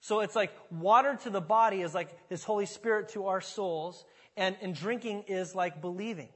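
Male pastor, high tenor, dynamic sermon delivery that swells to near-shouting, long hall reverb. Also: normal speed.

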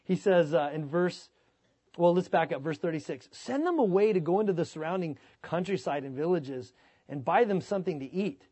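Pastor guy giving a sermon, kinda high voice, chatty, does little voices for the people he quotes. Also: moderate pace, slightly rough, dry recording. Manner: conversational, animated, acts out quoted voices.

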